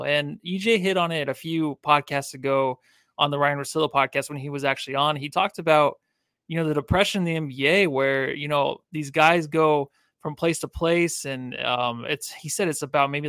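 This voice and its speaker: Higher-voiced man co-hosting a sports podcast. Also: a bit bright, no echo, clean studio sound. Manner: loose, filler-heavy chatty speech. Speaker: podcast co-host. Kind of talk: casual sports podcast talk.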